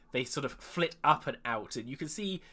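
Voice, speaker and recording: A man running a tabletop game as dungeon master, narrating in a relaxed way with many fillers and restarts. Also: mid-range voice, normal speed.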